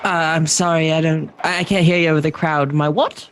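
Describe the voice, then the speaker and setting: A man's voice: fairly high pitch, steady tone, fairly quick, a bit bright, a little hiss or hum. A man playing a tabletop game, talking in character in a pompous, mock-polite way. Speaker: player. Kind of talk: in-character role-play.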